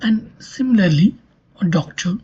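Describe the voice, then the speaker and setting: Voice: medium pitch, expressive, normal speed, warm tone, slightly rough, dull audio. A linguistics lecturer giving a recorded online lesson, explaining step by step and often checking in with "okay".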